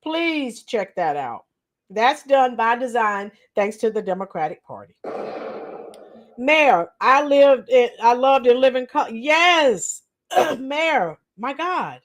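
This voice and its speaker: A high-pitched woman hosts a chatty livestream, calling out viewers by name as they join. Her voice sounds slightly strained, and she clears her throat now and then. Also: sing-song, slow pace. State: slightly strained voice after a week of teaching. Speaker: livestream host. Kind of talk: casual live chat with viewers.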